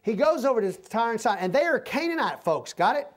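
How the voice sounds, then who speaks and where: A man preaches through a passage in a loose, conversational way, explaining as he goes. His voice sits high for a man. He keeps pausing to make sure his listeners are keeping up. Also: sing-song. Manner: folksy, repeatedly checks in with the listeners. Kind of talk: conversational verse-by-verse sermon.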